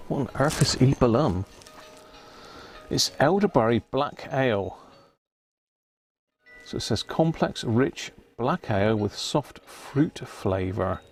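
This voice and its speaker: A man's voice: medium pitch, gravelly, husky. A British man hosting a casual live stream, chatty and jokey, often reading labels aloud as he goes. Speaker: radio repair live-stream host.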